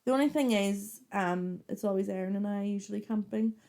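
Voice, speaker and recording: A woman's voice: mid-range voice, brisk, warm tone. A woman with a Northern Irish accent, co-hosting a casual podcast chat; she is chatty, tells stories with animation and laughs easily. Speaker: podcast co-host.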